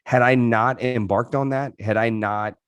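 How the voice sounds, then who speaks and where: A man's voice: mid-range voice, steady tone, measured pace, clear, resonant tone, dry recording, lo-fi sound. A man in his thirties, a podcast guest, telling his life story in an earnest, reflective way with frequent restarts. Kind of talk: candid interview storytelling.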